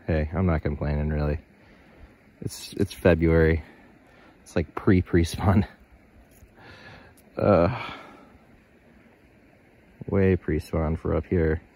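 A man's voice: sits low, a little mellow. A man vlogging a winter fishing trip by a lake, joking and rambling to himself as he casts. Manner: jokey, rambling, mutters to himself. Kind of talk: casual outdoor vlog narration. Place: outdoors by a pond and lake in winter.

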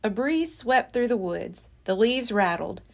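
Lively woman reading a children's book. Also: on the high side, unhurried, gravelly. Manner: expressive, lively storybook reading. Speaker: library storyteller. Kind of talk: children's read-aloud narration.

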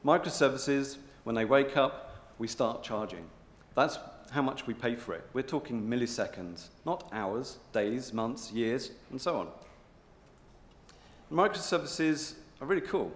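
A man giving a rehearsed pitch presentation in a hotel conference hall, stressing words in a deliberate, drawn-out way. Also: animated, slight background noise. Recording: echoey hotel hall with long reverb.

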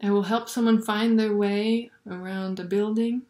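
A woman giving a reflective spiritual talk, thoughtful and unhurried, sometimes dropping to a soft near-whisper. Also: medium pitch, fairly even intonation. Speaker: Catholic video blogger. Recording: roomy echo.

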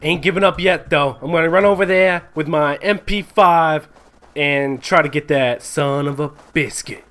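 A young man giving live, excitable commentary on a game he plays, swearing and yelling when surprised. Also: on the high side, moderate pace, soft background music. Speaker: gaming commentator.

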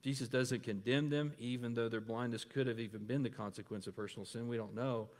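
A man's voice: medium pitch, steady tone, fairly quick, in a large hall. A man preaching a sermon as pastor, often asking the congregation questions and pressing his points home.

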